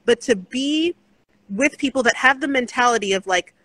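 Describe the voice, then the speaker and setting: A woman's voice: on the high side, animated, normal speed, bright, forceful tone, dry recording, poor audio. A woman co-hosting an interview podcast, talking in an earnest, encouraging way about faith and support, with many restarts. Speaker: podcast co-host. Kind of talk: casual interview chat.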